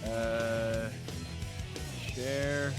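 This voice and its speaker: A man's voice: medium pitch, flat delivery, extremely slow, over loud music. A laid-back co-host man fumbling with sharing a link over voice chat. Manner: laid-back, distracted while sharing links.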